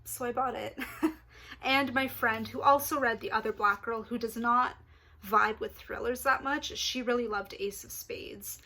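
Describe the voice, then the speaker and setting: A young woman chatting casually to camera about books she plans to read, excitable and quick to apologise. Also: on the high side. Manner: chatty, excitable, apologetic asides, laughs often. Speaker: book vlogger. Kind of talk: casual book chat to camera.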